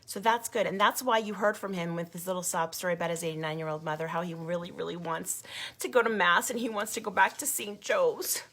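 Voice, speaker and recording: A grassroots group leader records an impassioned video update for her followers, indignant and emphatic, often repeating herself. Her voice sits fairly low and stays steady, with a fairly quick pace and a fairly bright tone.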